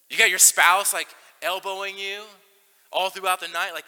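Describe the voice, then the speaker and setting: A man preaching with a very bright, ringing, forceful tone that carries through a church. His delivery is emphatic and jumps between loud, pressing lines and near-hushed ones. The long reverb of the church hall trails behind his words. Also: sits high, level tone, normal speed, clean tone. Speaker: pastor. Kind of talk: sermon.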